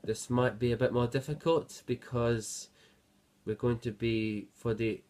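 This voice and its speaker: A man's voice: medium pitch, fairly even intonation, unhurried, a little mellow. A man teaching a guitar lesson, counting beats aloud and explaining between passages, with some fillers. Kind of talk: music lesson. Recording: guitar playing behind voice.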